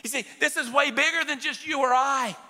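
A man's voice: very high voice, fairly quick, sharp tone. A male pastor preaching a sermon to a live congregation, emphatic and calling out directly to his listeners. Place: church sanctuary with a live congregation. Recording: long church hall reverb.

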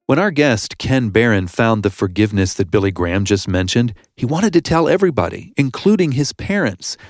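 A man's voice: medium pitch, big pitch swings, fairly quick, no echo, studio quality, soft background music. A male podcast co-host reading scripted narration in an upbeat, announcer-like way.

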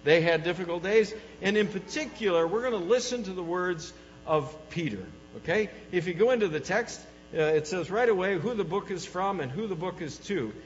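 A man preaching a sermon, telling stories with animation and swinging from loud exclamations to hushed lows. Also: lively intonation, normal speed, soft background music. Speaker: pastor. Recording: dull reverberant hall with mains hum.

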